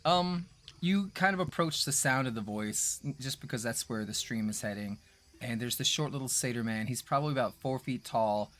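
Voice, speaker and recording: A man at mid pitch narrating a tabletop game as game master. He talks in a relaxed, rambling way and fills his sentences with ums and likes. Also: moderate pace. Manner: relaxed, rambling, lots of fillers.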